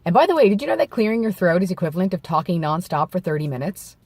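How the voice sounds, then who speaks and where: A man vlogging in bright outdoor daylight talks frankly to the camera in a high-pitched, animated voice with a darkish tone. Vocal nodes have left it gravelly, and throat clearing makes it a bit hoarse; there's no room sound. He is reflective and halting, with restarts and self-corrections.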